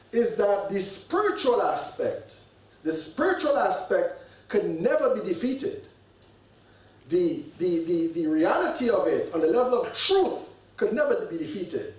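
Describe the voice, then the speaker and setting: A man's voice: sits high, a little mellow. A man giving an earnest sermon to a gathering, full of rhetorical questions and repeated words as he thinks aloud. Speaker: sheikh giving a religious talk. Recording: echoey hall, mic at a distance.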